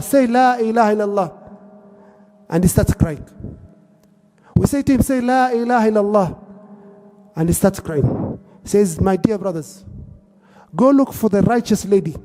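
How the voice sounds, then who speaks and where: A man's voice: high-pitched, darkish tone, in a large hall. A man preaching a sermon, telling a moving story with emotion and quoting its figures in Arabic and then English.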